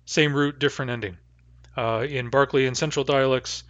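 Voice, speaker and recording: A man teaching a language lesson, slowly modelling pronunciation with frequent pauses and fillers, on a dull, dry recording. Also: medium pitch, fairly even intonation, fairly bright tone, dry recording. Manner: slow, careful modelling of sounds with many fillers.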